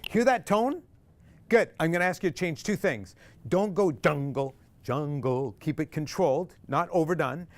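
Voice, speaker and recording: Guy running a singing workshop, kinda high voice, jokey, sings bits to show, music faintly behind. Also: moderate pace. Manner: animated, joking, demonstrates by singing. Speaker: singing instructor.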